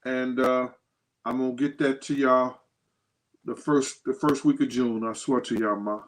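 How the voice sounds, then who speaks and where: A man hosting a casual livestream, telling stories with animated quoted dialogue and thanking viewers by name. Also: medium pitch, measured pace. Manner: animated storytelling, acts out quotes in a raised voice. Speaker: host.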